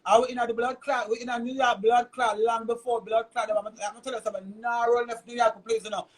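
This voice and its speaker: Jamaican man, very high-pitched, ranting hard on a live stream with constant cursing. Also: little pitch movement, fairly quick. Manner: loud, cursing, repeats himself. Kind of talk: heated live-stream rant.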